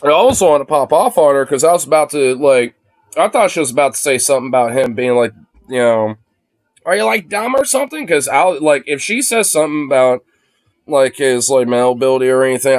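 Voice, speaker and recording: A man's voice: mid-range voice, no echo. A man chatting casually on a phone livestream, rambling and swearing freely, with lots of fillers. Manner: rambling, profane, heavy use of fillers.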